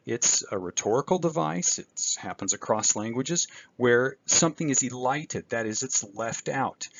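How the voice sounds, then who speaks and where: A man's voice: mid-range voice, dry recording. A man teaching an introductory Greek class in a recorded screencast, explaining step by step with occasional fillers. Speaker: Greek instructor. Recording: dull, dry screencast audio.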